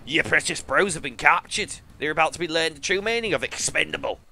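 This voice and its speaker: A man with an English accent giving joking, excitable commentary while playing a video game. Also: on the high side, a little fast, vocal fry, slight background noise. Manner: excitable, joking, self-mocking. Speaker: gaming YouTuber. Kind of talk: let's play commentary.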